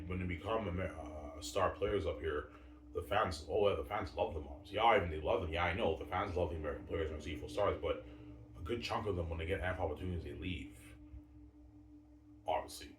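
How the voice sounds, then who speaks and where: A man's voice: low-pitched, reverberant, distant mic, a little hiss or hum. A man from Canada giving blunt, opinionated answers to chat questions in a casual livestream, often repeating words and saying "man".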